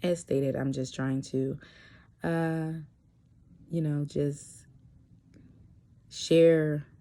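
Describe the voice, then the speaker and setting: A woman's voice: sits low, steady tone, very slow, mellow. A young adult woman talking candidly in a personal vlog, hesitant, with many fillers and restarts. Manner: candid and earnest. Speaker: vlogger.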